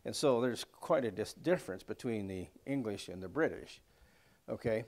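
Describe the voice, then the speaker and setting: A man's voice: lowish voice, expressive, normal speed, darkish tone. A man leading a casual church Bible class in a folksy, rambling way, with many fillers and asides. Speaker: Bible study teacher.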